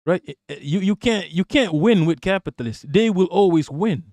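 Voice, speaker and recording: A man's voice: sits high, animated, normal speed, darkish tone, no echo. Profane Malaysian man ranting on stream. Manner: profane, joking, reads chat aloud. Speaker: livestream host. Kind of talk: casual political rant on a livestream.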